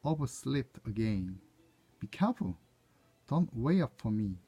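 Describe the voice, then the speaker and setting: A man's voice: mid-range voice, very animated, a little slow, dark tone, a little hiss or hum. A man whose first language is Korean, reading short everyday English dialogue lines aloud one by one to proofread them, sometimes correcting himself. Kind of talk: reading practice phrases aloud.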